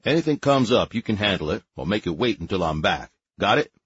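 Man doing a loud drawling sergeant, brash, laid-back, audiobook, husky, lo-fi. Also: on the low side, sing-song, a little fast, no echo, exaggerated voice. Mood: breezy.

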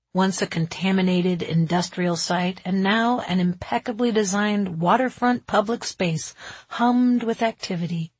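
A woman reading a first-person novel aloud in a wry, expressive way. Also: mid-range voice, breathy edge, no room sound. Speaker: audiobook narrator.

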